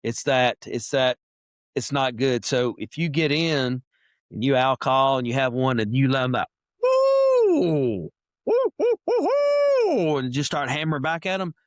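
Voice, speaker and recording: A middle-aged man, a podcast guest chatting casually and telling lively stories, now and then imitating animal calls. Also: mid-range voice, normal speed, no room sound, clean studio sound. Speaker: podcast guest, wildlife biologist. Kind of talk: casual interview chat.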